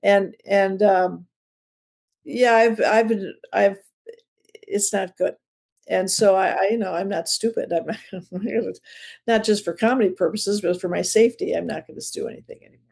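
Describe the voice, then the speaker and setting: A woman's voice: mid-range voice, fairly even intonation, normal speed, creaky, a little mellow. A woman in her seventies from the Chicago area, a comedian chatting as an interview guest in a rambling, self-deprecating storytelling way. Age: 70s. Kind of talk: casual interview chat.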